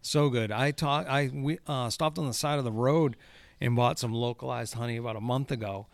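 A man's voice: medium pitch, normal speed, creaky, no echo. A man who works as a golf course superintendent, telling rambling stories in casual chat, swearing and laughing often.

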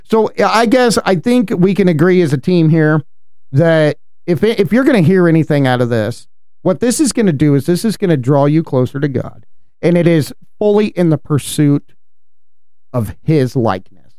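An earnest man with a high, smooth voice talks through matters of faith in a casual, animated way, breaking into laughter now and then. The sound is dry and close, with no room around it. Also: moderate pace, no room sound. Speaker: podcast co-host.

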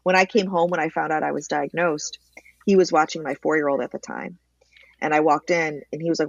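A woman telling her own story in a candid interview, lively and emotional at times. The sound is dry and close, with a slightly dull, muffled tone. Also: low voice, a little fast, creaky, no room sound. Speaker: interview guest, cancer advocate.

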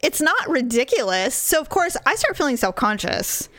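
A middle-aged woman telling a story in casual chat, animated and profane, acting out what people said. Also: high-pitched, normal speed, no echo, studio quality.

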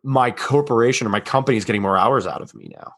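A man's voice: medium pitch, lively intonation, quick pace, vocal fry. A man working in sales, a podcast guest, chatting casually and telling anecdotes with a laugh.

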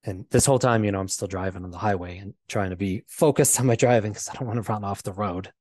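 A low-pitched man talks through a painful memory as an interview guest. His speech is halting and full of fillers and restarts. The sound is close and dry, with no room to it. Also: darkish tone, dry recording. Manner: halting, repeats himself, many fillers. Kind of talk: personal storytelling.

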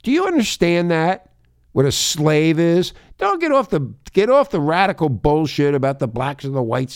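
A man's voice: fairly high pitch, darkish tone, smooth, dry recording, clean studio sound. A man hosting talk radio who rants in a profane, emphatic and confrontational way. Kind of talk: ranting talk radio monologue.

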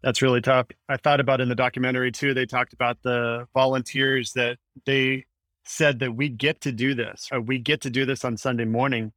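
A man's voice: mid-range voice, level tone, a little fast, a bit bright, no room sound, clean studio sound. Earnest man, pastor on a podcast. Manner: earnest, thoughtful, explaining. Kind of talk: casual podcast discussion.

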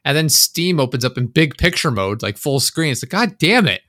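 A man's voice: mid-range voice, lively intonation, a little fast, fairly bright tone, no room sound, clean studio sound. A man co-hosting a podcast, chatting casually, swearing freely and acting out his own frustrated reactions. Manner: swears freely, acts out frustrated inner monologue. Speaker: podcast co-host. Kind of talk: casual chat.

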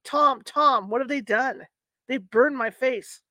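A woman voicing a frightened, hysterical young wife in a read-aloud story, lines raised and slowed. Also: high-pitched, sharp tone, no echo, heavily acted. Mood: distraught.

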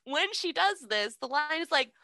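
A woman's voice: normal speed, gravelly, no room sound. A woman co-hosting a casual chat, retelling a story with lots of swearing and acting out the characters' voices. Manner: animated, profane, acts out characters with big pitch jumps. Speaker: podcast co-host.

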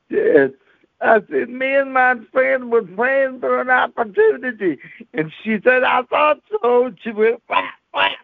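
Gravelly-voiced preacher telling a story. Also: male voice, high-pitched, no echo. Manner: animated storyteller, laughing often, acting out other voices. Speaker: radio chaplain. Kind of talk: storytelling sermon. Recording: tinny phone-line radio audio.

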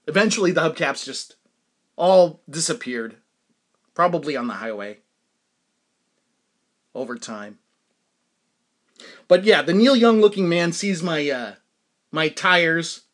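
A podcast host telling stories on his own, his voice sitting a little high for a man. He rambles and trails off, laughing at his own jokes as he goes. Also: expressive, takes it slowly, long pauses, fairly bright tone. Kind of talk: solo storytelling podcast.

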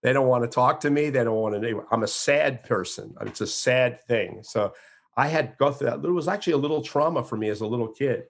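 Male guest, 60s, from Florida, animated storyteller. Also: medium pitch, brisk, gravelly. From Florida, USA. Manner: animated storyteller with frequent restarts. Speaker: guest, entertainer. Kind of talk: interview conversation.

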